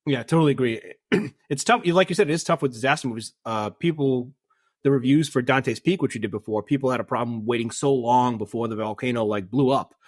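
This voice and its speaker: A man co-hosts a casual film podcast with a mid-range voice, recorded close and dry with no room sound. He talks in an animated way, laughs often and slips into characters' lines. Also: mid-range voice, brisk, dry recording. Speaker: podcast co-host. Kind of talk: casual film review chat.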